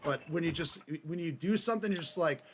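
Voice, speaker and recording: A man with a Midwestern American accent, rambling and joking through casual gameplay commentary with sudden loud outbursts. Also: a little high, fast talker, over music. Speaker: gaming streamer. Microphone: headset or desk mic. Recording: game gunfire in background. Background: game gunfire.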